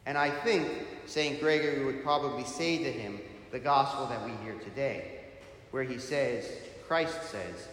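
A man, a priest, delivering a sermon with slow, emphatic preaching that rises strongly on key words. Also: mid-range voice, fairly bright tone. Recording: echoey church hall.

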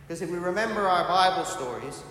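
A middle-aged priest tells a story in his sermon and acts out the voices in it. His voice sits a little high for a man. He is recorded in a church hall that echoes heavily, with a long reverb tail and faint noise underneath. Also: animated, fast, a bit bright.

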